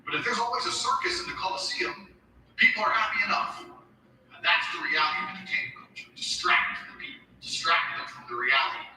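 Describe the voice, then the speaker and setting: A man's voice: on the high side, bright, forceful tone. A man ranting bluntly in a profane, emphatic monologue. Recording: echoey, distant, music behind.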